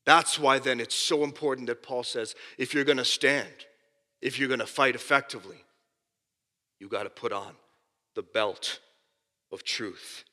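A man preaching a sermon with passion, swinging between loud emphasis and hushed asides. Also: mid-range voice, unhurried, long pauses. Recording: long hall reverb.

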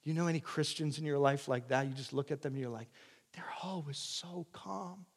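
A male pastor delivering a sermon, swinging between loud emphatic preaching and quiet earnest asides, in a church sanctuary. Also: mid-range voice, steady tone, rapid-fire. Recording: long church hall reverb.

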